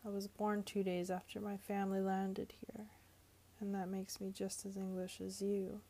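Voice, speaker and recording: A brash young man who lectures people on class and speaks his mind without tact, as a woman reads him. The voice is low-toned, dark and husky with gravelly fry. It stays level and flat in pitch, like an audiobook reading. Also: moderate pace, close to an everyday voice. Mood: earnest. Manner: brash and accusing, then earnest. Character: blunt, excitable young working-class man.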